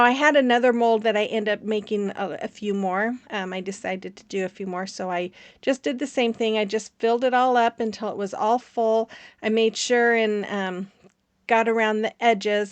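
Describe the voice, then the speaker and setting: A woman's voice: medium pitch, dry recording. A woman hosting a craft channel, narrating her project in a casual, rambling voice-over with many fillers and frequent laughs.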